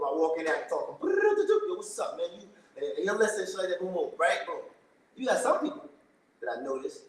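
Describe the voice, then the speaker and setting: A man's voice: medium pitch, recorded from a distance, a little hiss or hum. A man telling a casual story on a podcast in slangy, profane talk, acting out the people in it with different voices. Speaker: podcast host. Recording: echoey room, voice set back from the mic.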